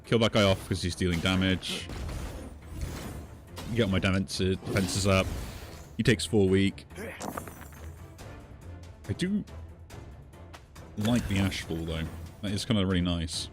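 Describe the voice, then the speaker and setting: A man with a low, deep voice talks casually through a game he is playing. He thinks out loud, weighing each move as he goes. Soft game music plays faintly in the background. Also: measured pace, long pauses. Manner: musing, thinks aloud while playing. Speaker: gaming streamer. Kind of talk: casual gameplay commentary.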